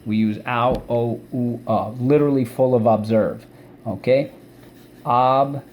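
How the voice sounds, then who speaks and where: A male teacher runs a spelling lesson at a mid pitch, defining each word and then drilling it aloud in call-and-response, splitting it into syllables. A faint noise sits under the recording. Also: steady tone, a little slow, dark tone.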